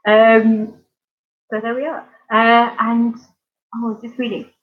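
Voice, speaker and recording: A woman's voice: a little high, level tone, unhurried, phone-quality sound. A woman from near London with a southern English accent, chatting casually with viewers on a live stream and rambling with lots of ums and giggles. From England, near London. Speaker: art channel host.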